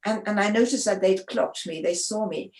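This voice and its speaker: A woman, a sports photographer, telling stories in a conversational interview, animated and often restarting her sentences. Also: mid-range voice, normal speed. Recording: roomy echo.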